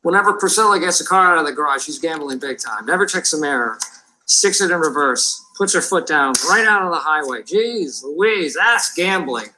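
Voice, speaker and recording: A man's voice: on the high side, animated, normal speed, sharp tone, a little hiss or hum, rough recording. An actor playing a man confessing to a support group in a wry, plainspoken monologue from a played clip.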